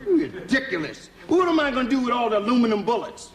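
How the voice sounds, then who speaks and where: An actor playing a vain, bossy masked cowboy hero in a televised comedy sketch, scolding and defensive. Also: male voice, extremely high pitch, very animated, quick pace, crowd noise, noisy background, exaggerated voice. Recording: studio audience laughter, roomy.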